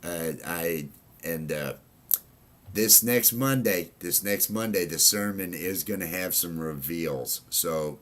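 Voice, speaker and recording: A man's voice: deep voice, slow, a bit bright. A man hosting a casual livestream chat, rambling with many fillers and restarts. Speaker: livestream host.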